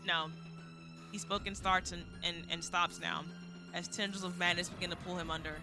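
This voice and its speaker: A woman's voice: on the low side, steady tone, normal speed, music in the background. A woman streamer reading a visual novel aloud, moving from dramatic narration to flustered, exasperated asides.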